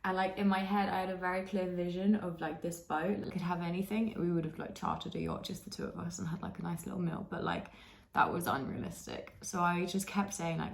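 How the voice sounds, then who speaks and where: A woman's voice: on the low side, fairly even intonation, moderate pace, creaky, roomy sound, a little hiss or hum, rough recording. A young woman telling a story in casual vlog chat, filling her talk with "like" and laughing often. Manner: chatty, heavy use of "like", laughs often. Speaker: vlogger.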